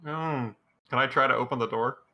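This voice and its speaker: A man's voice: medium pitch, a little fast, dull audio. A man playing a tabletop role-playing game, talking casually and making dry jokes. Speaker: player.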